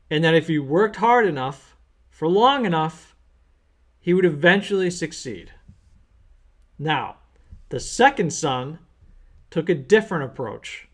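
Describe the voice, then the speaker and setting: A man who works as an accountant, teaching small business owners through an earnest, plain-spoken story. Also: on the high side. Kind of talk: storytelling lesson.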